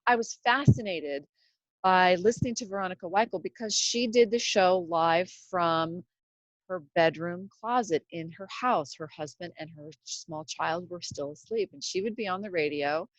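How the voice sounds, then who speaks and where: A woman's voice: lowish voice, no echo, lo-fi sound. A woman in her fifties from Seattle, hosting a casual podcast monologue from her home closet in a chatty, rambling, self-deprecating way. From Seattle, USA. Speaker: podcast host.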